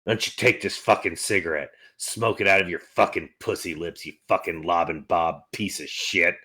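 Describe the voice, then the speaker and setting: A man's voice: sits low, normal speed, bright, forceful tone, husky, exaggerated voice. A man putting on a profane, snarling tough male cop with a mangled accent for a podcast bit. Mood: aggressive.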